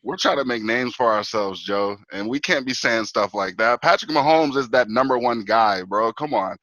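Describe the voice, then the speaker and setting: A man guesting on a sports talk show, talking as an animated fan, full of "bro" and "man". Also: mid-range voice, moderate pace, no echo, low-quality recording.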